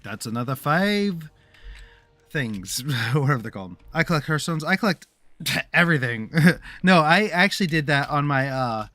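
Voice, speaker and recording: A man's voice: on the high side, expressive, moderate pace, bright, forceful tone, no room sound. A man livestreaming a game and chatting to his viewers in a rambling, casual way, restarting his sentences often. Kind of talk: casual gameplay commentary.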